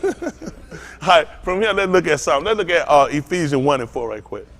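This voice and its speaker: A man's voice: a little high, sing-song, moderate pace, fairly bright tone. A man preaching an informal sermon, telling a story and acting out both sides of it with lots of laughter. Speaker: pastor.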